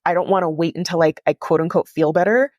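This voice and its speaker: A woman podcast host with a fast, darkish, lowish voice tells a personal story candidly and confessionally, saying "like" constantly. The sound is clean studio quality with no room sound.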